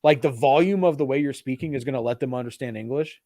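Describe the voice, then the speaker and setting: A man co-hosting a casual film chat show, animated and swearing freely. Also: mid-range voice, fast talker, no echo, clean studio sound. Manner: animated, swears freely, does mocking put-on voices. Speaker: podcast co-host. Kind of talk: casual chat about films.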